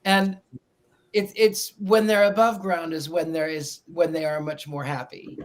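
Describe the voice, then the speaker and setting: A man on a paranormal investigation team, speaking in a gentle, reassuring way. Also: fairly high pitch, steady tone, a little slow.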